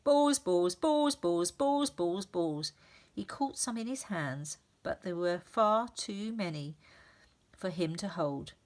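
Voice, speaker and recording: A woman teacher reads a children's story aloud at an unhurried, deliberate pace. Her voice sits low, and she plays up the sound effects with relish.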